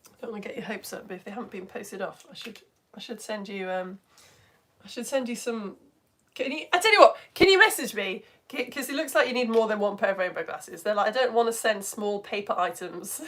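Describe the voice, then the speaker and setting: Animated woman on a live lesson stream. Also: a little high. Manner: animated, swings between excited greetings and quiet asides. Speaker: teacher greeting live viewers.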